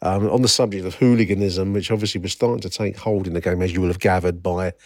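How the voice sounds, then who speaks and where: A man with a somewhat low voice hosts a solo football history podcast in a wry, rambling way. He stops and restarts often and fills gaps with ums. The sound is dry and close, with no room echo. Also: fairly even intonation, quick pace, a little mellow. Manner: reads out old newspaper reports. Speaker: podcast host.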